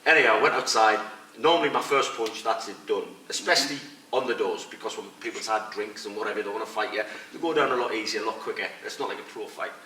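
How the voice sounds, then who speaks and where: A man's voice: lowish voice, fast talker. Blunt storytelling man in echoey room. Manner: blunt, animated anecdote-telling with quoted voices. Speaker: interviewee, retired fighter and coach. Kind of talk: casual storytelling interview. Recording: echoey room, distant mic, faint noise.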